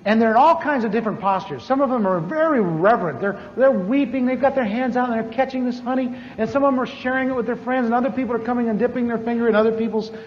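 A man preaching a sermon as a story, animated and acting out the voices of the people in it. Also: quick pace, hardly any pauses. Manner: animated, acts out dialogue with big pitch swings. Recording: echoey hall, dull lo-fi sound with faint noise.

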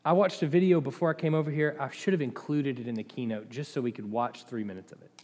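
Male pastor, mid-pitched, impassioned sermon delivery, echoing church hall. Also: quick pace. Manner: impassioned, swings between loud and quiet. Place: church sanctuary. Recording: long hall reverb.

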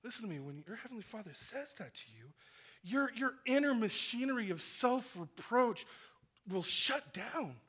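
A man preaching a sermon in an earnest style, rising to loud emphasis and dropping to hushed, near-whispered lines. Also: very high-pitched, sing-song, normal speed, slightly rough. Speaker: pastor.

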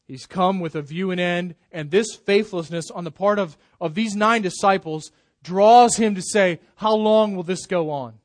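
Pastor, male, higher voice, sermon delivery, loud build-ups that sink to quiet endings, dry close sound. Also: no room sound. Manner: emphatic preaching, swells loud then drops soft.

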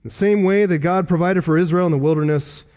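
A man's voice: high-pitched, fairly quick, darkish tone. A male pastor teaching an expository sermon, reading scripture aloud and stressing key words earnestly.

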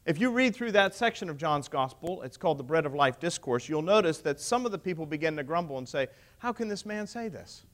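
High-voiced man preaching emphatically. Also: animated, fast talker, few pauses, fairly bright tone. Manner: emphatic, rhetorical questions to listeners. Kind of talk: sermon.

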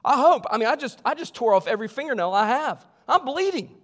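A man doing a panicked young man, high and frantic. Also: big pitch swings, fast talker, a bit bright, big-room sound, exaggerated voice. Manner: frantic, breathless exclamations. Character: panicked young male friend on a rooftop.

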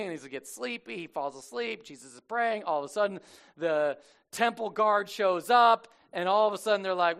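The preacher is a man who tells Bible stories in everyday slang. His tone is loose and humorous, and he slips into quick character bits. He delivers the sermon as an easy, conversational talk. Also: high-pitched, lively intonation, a bit bright. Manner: casual, jokey storytelling, acts out characters. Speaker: pastor.

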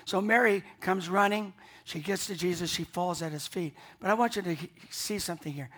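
A man's voice: high voice, a little fast, fairly bright tone. Pastor, male, Easter sermon; earnest, emphatic delivery with restarts and repeated words. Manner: earnest, emphatic, repeats himself when building a point.

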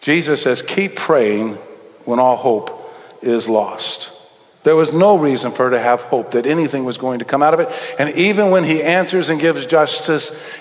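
A middle-aged man, preaching a sermon as a pastor and telling stories, moving between quick asides and slow, emphatic phrases. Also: medium pitch. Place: church sanctuary. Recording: long hall reverb.

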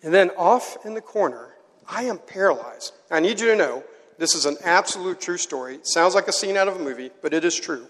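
A man preaching to a live audience, telling a story with animated energy and getting the crowd to join in. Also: sits high, brisk. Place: large hall. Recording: hall with long reverb.

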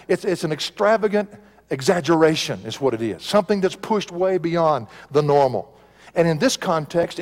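A man preaching a sermon in a church sanctuary, emphatic, swinging between soaring lines and hushed ones. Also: high-pitched. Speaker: pastor. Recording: long church reverb.

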